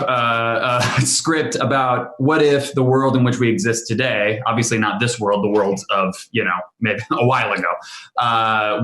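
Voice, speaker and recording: A man's voice: medium pitch, fairly bright tone, echoey room. A man chatting casually on a panel, telling a story in a rambling, self-interrupting way with bursts of laughter. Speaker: panel guest, actor. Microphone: video call.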